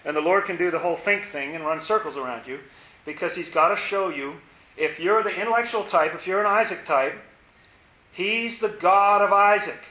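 A man teaches on scripture in a musing way that turns emphatic. His voice is bright and a little high. The recording has a lot of room echo and a dull, lo-fi sound. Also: normal speed. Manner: musing, grows forceful and emphatic. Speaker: Bible teacher. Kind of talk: reflective Bible talk.

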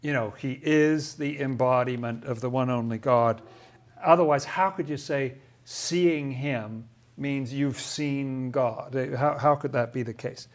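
A man's voice: mid-range voice, unhurried. A man leading a casual Bible study, thinking aloud and asking questions about the passages.

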